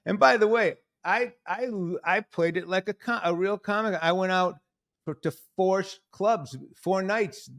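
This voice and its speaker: A man hosting a podcast, chatting casually and telling animated stories, acting out the lines of the people he quotes. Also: high voice, unhurried. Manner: animated storyteller, acts out quotes in other voices. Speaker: podcast host. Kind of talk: casual conversation.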